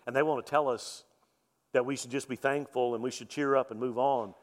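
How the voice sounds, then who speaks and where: A male pastor preaching a sermon in a folksy, joking way, swinging from loud emphasis to soft, quiet lines. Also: mid-range voice, steady tone, fairly quick. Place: church sanctuary. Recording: long reverb of a church hall.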